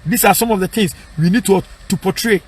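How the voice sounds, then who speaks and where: A man's voice: high voice, a little fast, breathy edge. A man with a Ghanaian accent preaching as an evangelist, emphatic, mixing English with Twi and asking his listeners to repeat his points back. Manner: emphatic, repeats lines and asks "What I say?" for response. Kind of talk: street-style preaching and advice.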